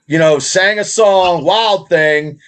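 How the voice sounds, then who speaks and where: Brief: middle-aged guy, loose, cussing podcast host, slightly high voice. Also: fairly bright tone, clear, resonant tone. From Indiana, USA. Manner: profane, rambling, fast. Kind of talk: casual podcast chat.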